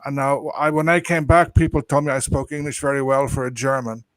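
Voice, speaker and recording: A man's voice: medium pitch, steady tone, a little fast, no room sound. A man from Dublin with a middle-class Dublin accent, worn by years abroad, telling anecdotes in a casual chat with many restarts. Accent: middle-class Dublin, with a mixed foreign lilt. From Dublin, Ireland. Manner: anecdotal, repeats words when starting. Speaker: guest.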